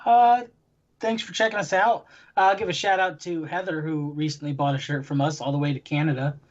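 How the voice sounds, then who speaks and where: A man's voice: fairly high pitch, steady tone, a little fast. Podcast cohost guy, dry teasing, dull lo-fi sound. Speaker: podcast co-host. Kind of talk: casual chat. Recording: dull lo-fi audio.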